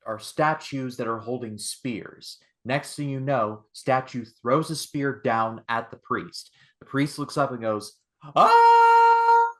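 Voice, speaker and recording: A man hosting a casual chat podcast, an animated storyteller who acts out the scenes he describes. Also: mid-range voice. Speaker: podcast host.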